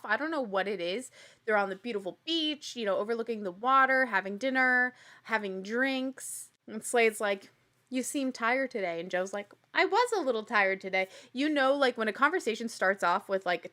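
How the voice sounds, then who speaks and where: A young adult woman hosting a casual rewatch recap, animated and sarcastic, laughing often and acting out quotes. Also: a little high. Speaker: podcast host recapping a reality show.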